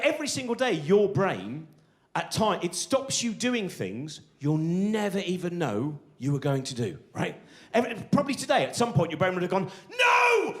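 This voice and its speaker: Male stand-up comic, live on stage; excitable, self-interrupting storyteller with a lively, higher-pitched voice. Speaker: stand-up comedian. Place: theatre stage before a live audience.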